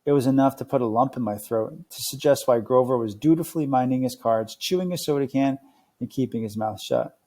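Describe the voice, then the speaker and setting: A man narrating a novel as a read-along, with a steady, clear reading meant for learners. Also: medium pitch, a little fast.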